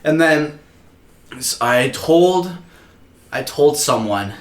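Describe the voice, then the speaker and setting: A young man co-hosting a podcast, telling animated, profanity-filled stories and laughing often. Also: a little high, slow. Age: young adult. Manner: animated storytelling, swears a lot, laughs often. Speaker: podcast co-host. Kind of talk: casual chat. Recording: echoey room with faint noise.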